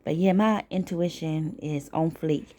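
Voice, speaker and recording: Lying in bed at home, a woman with a medium-pitched voice tells stories a little slowly for her casual vlog. She is chatty, swears freely, and retells things with animation.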